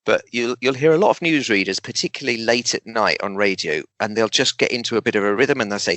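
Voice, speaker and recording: In a relaxed interview, a male humorist appearing as a guest speaker pauses deliberately, stresses words with animation and cracks dry jokes. He speaks at medium pitch with no echo.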